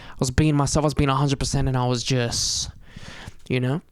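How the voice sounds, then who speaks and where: Young guy, casual vlog monologue, slangy and rambling, medium pitch, dry close sound. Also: flat delivery, brisk, smooth, no echo. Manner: rambling slangy delivery full of "you know" and "dude". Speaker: vlogger.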